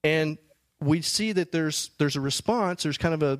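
A man's voice: fairly high pitch, moderate pace, no room sound. A man giving a sermon, reading scripture and explaining it in a loose, conversational way with frequent restarts. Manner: conversational, many restarts and fillers. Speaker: preacher.

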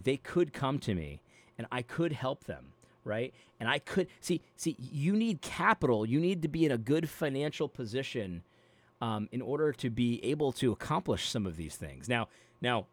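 A man's voice: medium pitch, sing-song, normal speed. A man reading a Bible passage aloud, then commenting on it in a casual, rambling way, often repeating words and using fillers. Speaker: Christian video commentator.

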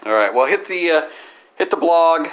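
Bright-voiced rambling comedian man. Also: on the high side, lively intonation, rough recording. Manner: rambling storyteller, quick self-corrections. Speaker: comedian and podcast host. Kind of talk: casual family podcast chat.

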